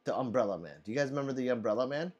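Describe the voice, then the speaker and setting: A man's voice: medium pitch, animated, very fast, a little mellow, dull audio. A man hosting a casual livestream, reading chat aloud, laughing often and swearing freely.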